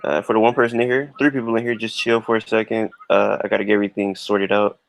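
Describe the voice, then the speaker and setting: A man's voice: on the low side, flat delivery, fast talker, gravelly. A man hosting a livestream in a laid-back, joking, slangy way. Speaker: livestream host. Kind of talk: casual livestream chat.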